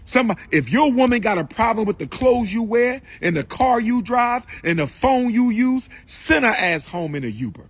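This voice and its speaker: A man's voice: very high-pitched, expressive, moderate pace, few pauses, husky. A man giving an impassioned, repetitive lecture and calling out to his listeners. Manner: preachy, repetitive, calls out to the audience. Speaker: speaker addressing an audience.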